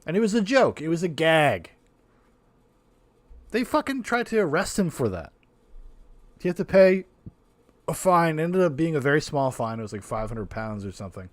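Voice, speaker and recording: A man hosting a podcast, casually reacting with animated, profane, rambling commentary. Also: on the high side, moderate pace, long pauses, no echo. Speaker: podcast host.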